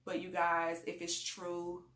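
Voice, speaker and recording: Speaking slowly in a fairly low, monotone, rather bright voice, a parent vlogger rambles through casual parenting advice with many fillers. The echoey recording carries a faint hiss or hum.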